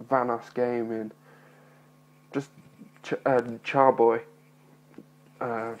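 A man's voice: mid-range voice, creaky, highs cut off, a little hiss or hum. A nervous young man vlogging to his phone, rambling and apologetic, with a mild speech impediment. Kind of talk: casual talking-to-camera vlog.

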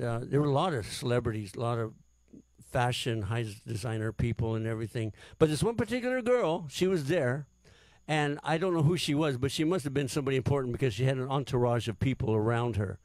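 A man's voice: medium pitch, normal speed, a little mellow, no echo. A man, a singer-songwriter, telling a story between songs in a rambling, hesitant way with many fillers.

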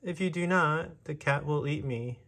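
A man's voice: fairly high pitch, moderate pace, a bit bright, voice pushed up. A man voicing a timid little mouse who keeps begging for help, in a storybook reading. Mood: pleading. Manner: pleading, breathless.

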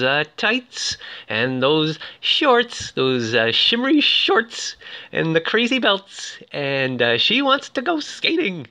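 A man's voice: on the high side, sharp tone. A man giving casual, playful commentary over film clips, full of fillers and cheeky asides. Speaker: film reviewer.

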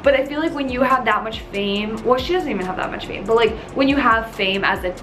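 A young woman YouTuber in a casual storytime chat, talking with lots of "like" and retelling events with animated energy. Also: a little high, fairly quick, music in the background. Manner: chatty, filler-heavy with constant "like", animated retelling.

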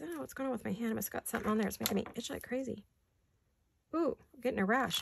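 A woman's voice: on the high side, vocal fry, a little hiss or hum. A middle-aged woman chatting casually as she crafts, thinking aloud and laughing often. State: hiccuping. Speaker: craft vlogger. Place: home craft studio.

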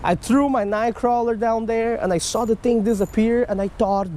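Excitable man fishing a creek. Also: very high voice, moderate pace, a little hiss or hum. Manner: excitable, swings from hushed to yelling. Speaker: fishing vlogger. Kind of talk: casual outdoor fishing vlog. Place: outdoors by a creek.

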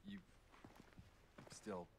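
An actor playing a weary, reserved man in a video game, speaking quietly and gently. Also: drawn-out words. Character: weary, searching grown man, calm and reserved. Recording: game audio with steady background noise.

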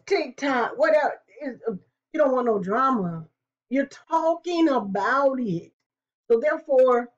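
A woman hosting a reaction video, teasing and talking back to the clip in casual commentary. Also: on the high side. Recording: dull, lo-fi sound.

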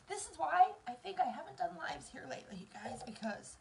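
A tearful woman in her thirties with a Southern American accent talks straight to her viewers while she does her makeup. Her fairly high voice swings widely in pitch, and a faint hiss sits under the recording. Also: sing-song, fairly quick, gravelly, low-quality recording. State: tearful, near crying. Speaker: vlogger doing a live stream. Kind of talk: casual talk to camera while doing makeup.

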